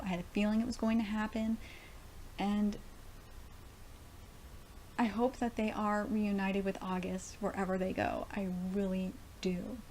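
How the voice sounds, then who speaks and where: A woman's voice: medium pitch, dark tone, slight background noise. A woman streaming a live manga reaction, emotional and rambling, with frequent exclamations.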